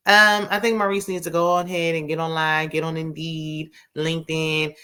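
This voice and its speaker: A woman's voice: low voice, flat delivery, normal speed, bright, forceful tone, clean tone. A woman recapping a TV drama in a chatty, sassy way, full of slang and asides. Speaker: TV recap host. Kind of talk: casual TV recap chat.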